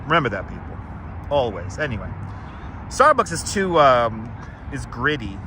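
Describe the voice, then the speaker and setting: A man's voice: mid-range voice, sing-song, unhurried, pauses often, bright, forceful tone, a little hiss or hum. A man from Brooklyn, hosting a casual walking live stream and chatting rambly with viewers, greeting them by name. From Brooklyn, New York. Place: outdoors on city streets, walking. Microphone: wireless clip-on mic.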